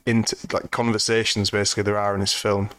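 Man, low monotone voice, smooth and resonant, dry close mic, casual film chat. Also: fast talker, no room sound. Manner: meandering, restarts sentences, dry humor. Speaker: podcast co-host.

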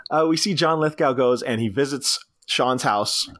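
A man's voice: mid-range voice, normal speed. A man co-hosting a podcast, telling the plot of a film in a casual comedic style and acting out its lines in voices. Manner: animated storytelling, acting out movie lines in voices. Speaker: podcast co-host.

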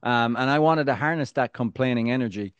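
A man's voice: medium pitch, fairly quick, clear, resonant tone, no echo, lo-fi sound. Man co-hosting a podcast, joking and rambling. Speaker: podcast co-host. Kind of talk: casual podcast chat.

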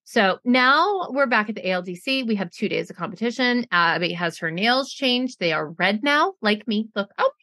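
A woman co-hosting a podcast, casually recapping a reality show in an animated, profane way, mimicking people and laughing often. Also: mid-range voice, normal speed, hardly any pauses, no echo. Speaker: podcast co-host.

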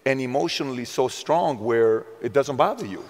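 A man interviews his guest with a fan's enthusiasm and now and then drops a sarcastic aside. His voice sits at a middling pitch. A long reverb hangs on every word, like a large hall. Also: normal speed. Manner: animated fan, sarcastic asides. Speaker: interview host. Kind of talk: casual interview chat.

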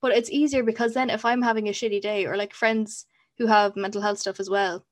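Young woman, quick speech, candid, sweary, casual chat. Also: mid-range voice, steady tone. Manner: candid, sweary, laughs often.

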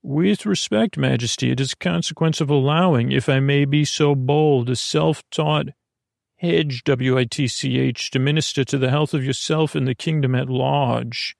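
A man's voice: medium pitch, normal speed, creaky, no echo, clean studio sound, lightly acted. A man playing an oily scheming court sorcerer. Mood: sneering. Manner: oily, mock-deferential, pompous. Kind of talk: audio drama acting.

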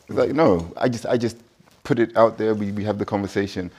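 A man's voice: on the low side, fast talker, darkish tone, husky. A man, a dinner guest, talking through his view in a casual discussion, often restarting and repeating words as he builds his point.

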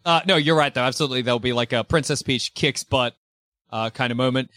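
A man's voice: medium pitch, bright, forceful tone, no echo, studio quality. A man hosting a comedy podcast, chatting enthusiastically and swearing freely as he riffs with friends. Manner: enthusiastic, swearing, quick to agree. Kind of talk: casual comedic chat.

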